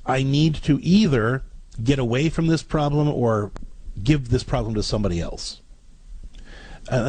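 A man with a slightly husky, breathy voice hosts an advice show and coaches a caller in a steady, explanatory way. He repeats his phrases and acts out sample lines for her. The sound is close and dry, with no room around it. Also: mid-range voice, dry recording. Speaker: radio advice host.

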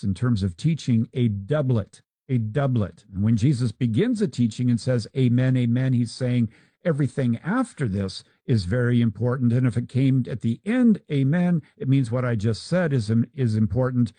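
A man's voice: medium pitch, dark tone, no room sound. A man teaching about scripture in a conversational, explanatory way with asides and examples.

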